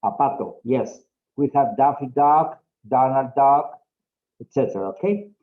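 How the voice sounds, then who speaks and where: A man's voice: medium pitch, measured pace, phone-quality sound. A man teaching an English class over a video call, patient and encouraging. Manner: patient, encouraging, repeats okay often.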